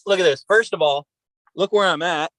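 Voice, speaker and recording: In a casual video-call chat, a man with a high voice co-hosts a podcast from his camper, parked outdoors by a river. At a moderate pace and with a fairly bright tone, he rambles cheerfully and profanely; there's no room sound, but the recording quality is low.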